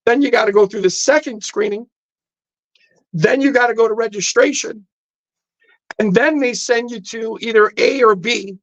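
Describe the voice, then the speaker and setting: The podcast guest's voice is high and gravelly, captured on a dry, low-quality recording in the studio. Chatting casually, he tells a personal story with intensity and performs the dialogue along the way.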